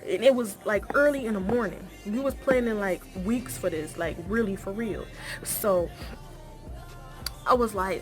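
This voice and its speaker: A woman's voice: normal speed, over music. A young woman, telling a story casually and acting out the dialogue. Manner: animated, acts out dialogue with rising pitch.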